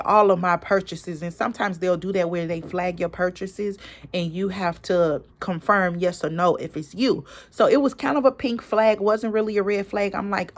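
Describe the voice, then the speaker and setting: Woman, casual storytime vlog, emphatic, animated, quotes dialogue, middle pitch. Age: adult parent. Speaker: vlogger and small business owner.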